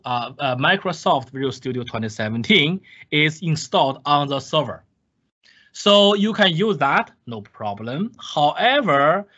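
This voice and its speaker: A man's voice: a little high, sharp tone. Emphatic male lecturer, lo-fi recording. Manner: repetitive, emphatic, asks and answers his own questions. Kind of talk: recorded screen-share lecture. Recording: dull lo-fi lecture capture.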